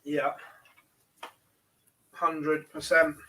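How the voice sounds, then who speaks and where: A man commentating live on online darts as host, in a brisk and chatty play-by-play way. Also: a little high, level tone, bright, forceful tone, far from the mic.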